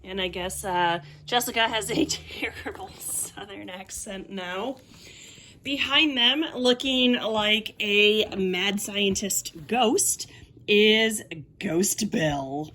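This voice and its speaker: A woman's voice: medium pitch, slow pace, sharp tone, a little hiss or hum. A woman giving a casual book review, wry and sarcastic, laughing now and then as she talks.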